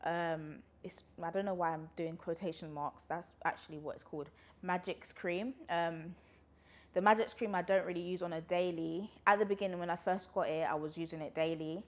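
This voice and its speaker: Young woman vlogging, rambly and chatty, kinda breathless, voice on the low side. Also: fairly even intonation, normal speed. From London, UK. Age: 20s. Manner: chatty, rambling, laughs often. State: a little out of breath. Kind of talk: casual pregnancy Q&A vlog.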